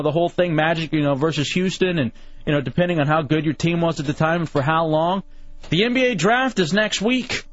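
A man co-hosting a late-night radio show, ranting with exaggerated mock outrage in casual banter. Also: fairly high pitch. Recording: muffled lo-fi radio broadcast.

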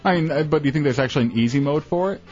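A man's voice: fairly high pitch, racing, a little mellow. A man co-hosting a radio show, tossing out crude wisecracks in casual banter. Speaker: radio co-host. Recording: dull lo-fi radio recording with faint music.

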